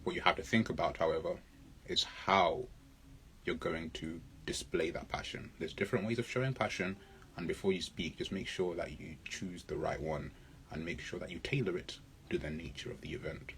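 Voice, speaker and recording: A man's voice: deep voice, normal speed, a bit bright, slight background noise. A man coaching public speaking in a live question-and-answer lesson, talking emphatically, repeating his points and answering viewers' comments.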